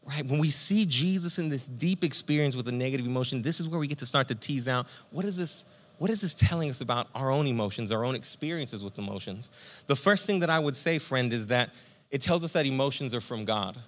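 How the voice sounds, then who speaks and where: A man pastor giving a conversational, energetic sermon, speaking to listeners as friends. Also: mid-range voice, fairly quick.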